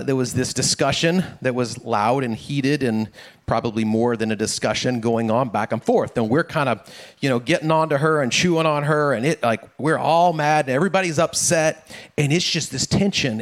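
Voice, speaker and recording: A middle-aged man, a pastor, giving a casual, conversational sermon, often repeating words and checking in with "right?". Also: mid-range voice. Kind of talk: casual sermon with family stories.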